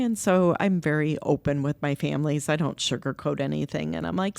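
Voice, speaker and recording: A middle-aged woman with a low, gravelly voice recounts stories candidly in conversation. She brings other people's words to life as she quotes them. The sound is dry and close to the mic. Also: a little fast, few pauses, no echo. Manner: candid, animated quoting of others. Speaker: guest, nonprofit co-founder. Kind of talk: conversational storytelling. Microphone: podcast microphone.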